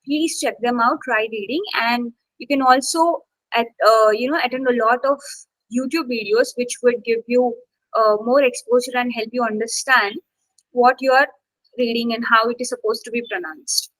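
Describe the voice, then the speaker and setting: A woman's voice: on the high side, fairly even intonation, normal speed, a bit bright, dry recording, low-quality recording. A woman instructor teaching an online English class, coaxing students to take part, with many fillers.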